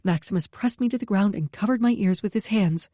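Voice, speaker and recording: A woman reading a first-person story aloud at a steady pace, close to the mic. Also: medium pitch, a little fast, no room sound. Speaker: audiobook narrator.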